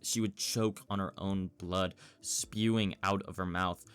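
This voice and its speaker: A man narrating a fan story in a measured storytelling manner. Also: deep voice, fairly even intonation, fairly bright tone, smooth.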